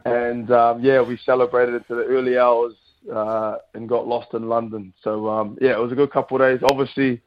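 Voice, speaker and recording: A New man in his thirties talks in a loose, chatty way and keeps calling people "mate". His voice is a touch worn from a couple of days of celebrating. It comes through a slightly muffled, lo-fi line at a middle pitch. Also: moderate pace. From New Zealand. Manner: relaxed, laughing, says mate often. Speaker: rugby player guest. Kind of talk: casual radio chat.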